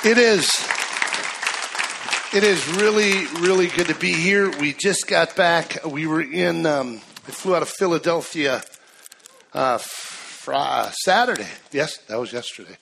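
A man in his fifties, a guest preacher in a church, telling stories in an excitable, chatty way with many restarts. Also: on the high side, measured pace, creaky, a crowd in the background, background noise. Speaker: guest speaker. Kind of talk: sermon with storytelling.

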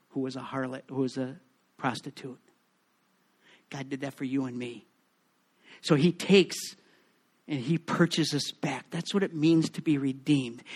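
Man preaching, high voice, pastor's sermon, rousing then soft and hushed. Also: breathy edge. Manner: swings between loud exhortation and hushed intimate tones. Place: church sanctuary.

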